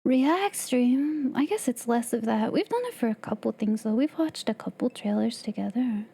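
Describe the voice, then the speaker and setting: A woman streamer chatting casually to her live audience, excitable and laughing often. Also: fairly high pitch, normal speed, gravelly, breathy edge.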